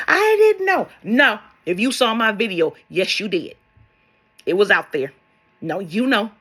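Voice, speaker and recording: A woman's voice: lowish voice, a bit bright, slightly rough. A woman speaking as a spiritual love coach in a vlog monologue, blunt and sassy, swearing and firing rhetorical questions at her viewers.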